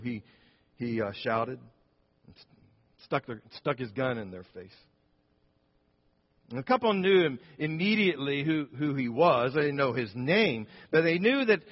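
A man preaching a sermon and telling a story in a conversational way, with asides and restarts. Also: a little high. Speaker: pastor. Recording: dull sound with long church reverb.

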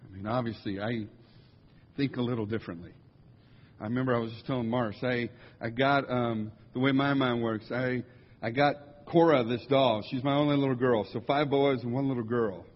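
Husky man telling jokey stories in a hall. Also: medium pitch, moderate pace. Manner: jokey, animated storytelling with impressions. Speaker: musician speaking to a congregation. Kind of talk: humorous storytelling talk. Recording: dull lo-fi sound in a large reverberant hall.

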